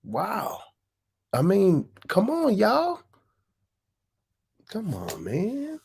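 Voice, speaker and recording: Male host, casual chat, lively up-and-down delivery, cursing freely, lots of laughing. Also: sits high, extremely slow, creaky, breathy edge. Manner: animated, profane, bursting into laughter. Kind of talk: casual chat with a rapped verse.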